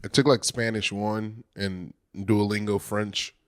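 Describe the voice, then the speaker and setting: A man in casual chat on a podcast, answering briefly in a quiet, soft-spoken way. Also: lowish voice, fairly even intonation, unhurried, smooth.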